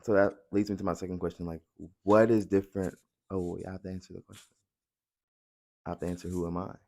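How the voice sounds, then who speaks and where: A young man hosting a casual podcast chat, loud and outgoing, with many filler likes. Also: low voice, flat delivery, quick pace, vocal fry. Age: young adult. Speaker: podcast host.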